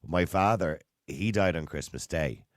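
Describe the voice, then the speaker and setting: A man's voice: deep voice, measured pace, dry recording, clean studio sound. A middle-aged man with a Dublin Irish accent, a radio host telling a story in casual chat, jokey and laughing often.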